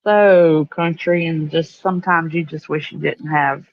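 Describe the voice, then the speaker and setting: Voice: medium pitch, steady tone, a little slow, no echo, muffled recording. A companion chiming in off-mic with brief, informal interjections during a casual chat.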